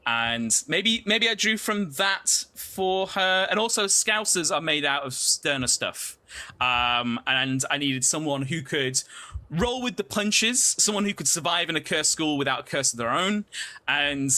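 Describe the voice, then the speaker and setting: Giggly, bright-voiced man. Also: on the high side, lively intonation, measured pace. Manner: hesitant, lots of fillers and giggles. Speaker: show creator and game master. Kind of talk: casual livestream chat.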